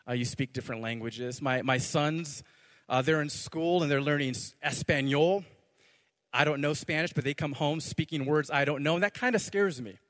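This pastor's voice sits on the high side, a bit bright, delivered at a moderate pace. He preaches in a church where the recording carries a long hall reverb, tossing in playful jokes at times before turning to earnest prayer.

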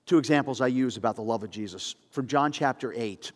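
A male pastor preaching in a casual, storytelling way with animated asides. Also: mid-range voice, fairly quick, long reverb tail. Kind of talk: sermon.

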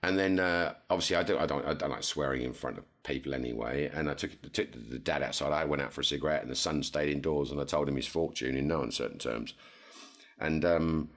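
Man, very deep voice, casual podcast storytelling, animated, quotes people in a higher voice. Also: brisk. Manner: animated, jumps to high pitch when quoting others. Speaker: podcast co-host.

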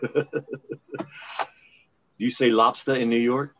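A man from Maryland in casual podcast chat, rambling and halting with frequent restarts. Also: mid-range voice, steady tone, a little hiss or hum. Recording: muffled lo-fi sound.

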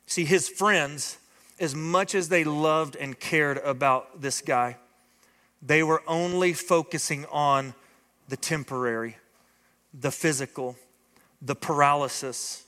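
Preaching as pastor, a man works his congregation with impassioned, increasingly urgent and emphatic appeals. His voice is a little high, bright and forceful, with fairly even intonation and a slow delivery. The recording carries the long hall reverb of the church sanctuary.

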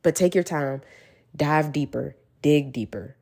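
A woman's voice: low voice, unhurried, gravelly, warm tone, husky. A woman giving an earnest, encouraging motivational talk straight to her listeners, repeating reassurances as she goes. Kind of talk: casual motivational monologue.

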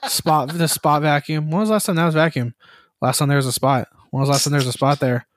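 A man co-hosting a podcast, telling animated stories and often laughing. His voice is a bit higher than average. The recording is dry and close. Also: quick pace, dry recording. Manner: storytelling, animated, acts out quotes, laughs. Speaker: podcast co-host. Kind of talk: casual chat.

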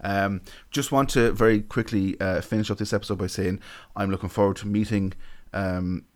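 A man wrapping up a podcast episode. He talks quickly, with a dry, deadpan manner. His voice is low. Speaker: podcast co-host. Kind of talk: casual chat.

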